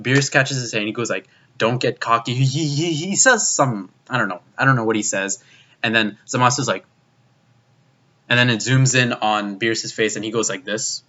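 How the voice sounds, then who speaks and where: A man's voice: medium pitch, a little fast, pushed and bright. Young man, profane ranting review, exasperated, stumbling restarts, dull lo-fi mic. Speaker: anime reviewer. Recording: dull lo-fi recording.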